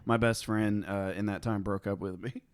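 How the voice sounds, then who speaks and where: A young man co-hosting a casual comedy podcast. He rambles through stories, laughs often and jumps into high mocking voices. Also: fairly even intonation, moderate pace, smooth, dry recording. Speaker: podcast co-host.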